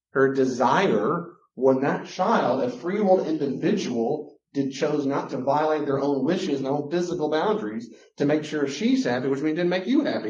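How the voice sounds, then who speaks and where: A man's voice: on the high side, a little mellow. A man with a Southern US drawl lectures a class with passion, hammering home his points and getting worked up. His voice carries through a roomy space, and the recording sounds dull and lo-fi. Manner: emphatic, gets worked up. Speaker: Christian counselor teaching a class.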